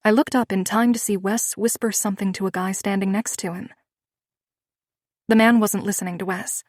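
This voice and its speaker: A woman narrating a romance audiobook in the first person, with a measured, expressive reading. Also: medium pitch, dry recording, clean studio sound.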